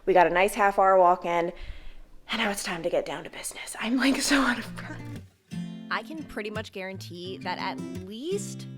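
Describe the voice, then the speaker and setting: A woman's voice: mid-range voice, moderate pace, over music. Chatty young woman vlogging at home. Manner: chatty, filler-heavy with frequent "like". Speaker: lifestyle vlogger. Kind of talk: casual vlog chat.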